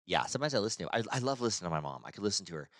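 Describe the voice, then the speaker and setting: A man's voice: on the low side, sing-song, rapid-fire, fairly bright tone, no room sound, clean studio sound. A middle-aged man with a nasal voice hosting a casual podcast chat, rambling, swearing freely and restarting his sentences. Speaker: podcast host.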